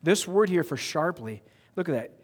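A male pastor delivers a lively sermon, emphatic and playful with the people in front of him. His voice sits a bit higher than most men's. The sound carries a long reverb from the church hall. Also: moderate pace. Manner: animated, emphatic, joking with the congregation. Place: church sanctuary.

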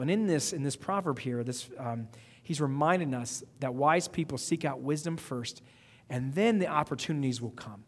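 A man preaching a sermon, building to emphatic outbursts and repeating phrases as he goes. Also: mid-range voice. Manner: preaching with emphatic rising outbursts and quick repetitions. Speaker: pastor. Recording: long reverb of a hall.

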